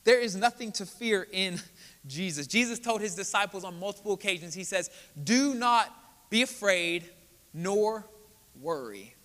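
Pastor preaching in a church hall. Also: male voice, high-pitched, expressive, measured pace, bright, forceful tone. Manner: earnest, building to emphatic preaching. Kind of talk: sermon. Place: church sanctuary. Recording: church hall with long reverb.

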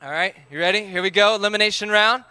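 A man's voice: sits high, quick pace, bright, forceful tone, clear, resonant tone, no echo. A man, leading a live group game, upbeat as he calls out counts and instructions.

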